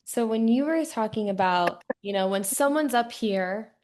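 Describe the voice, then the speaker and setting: A woman's voice: a little high, lively intonation, normal speed, a little mellow. A young woman hosting a podcast, talking reflectively with many small fillers. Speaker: podcast host. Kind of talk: interview conversation.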